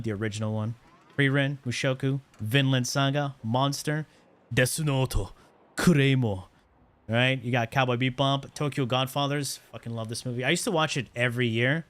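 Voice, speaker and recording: A man streaming live, chatting casually in a rambling, excitable way with quick blunt opinions. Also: medium pitch.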